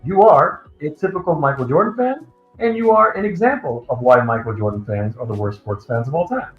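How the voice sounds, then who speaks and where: Heard over dull, roomy call audio, a male caller in a heated debate turns defensive and lecturing, complaining that he keeps being interrupted. His fairly high voice swings widely in pitch and moves briskly, with faint music behind.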